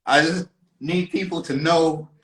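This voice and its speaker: A man from South London, a guest on a casual live stream, telling stories with lively acted-out asides from his living room over a phone video call. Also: fairly high pitch, unhurried, roomy sound, background noise. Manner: animated storyteller, acts out his own thoughts. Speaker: guest, musician and firefighter. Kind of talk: casual interview chat.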